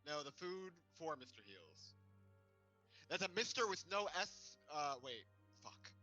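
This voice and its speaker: A man playing a goofy character in a tabletop game, cracking deadpan jokes. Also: a little high, unhurried, faint music behind. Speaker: player. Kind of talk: in-character tabletop role-play.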